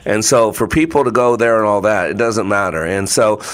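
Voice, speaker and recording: A man's voice: fairly low pitch, normal speed. A man hosting a faith-based talk radio show, speaking in a rambling, emphatic, preacher-like way.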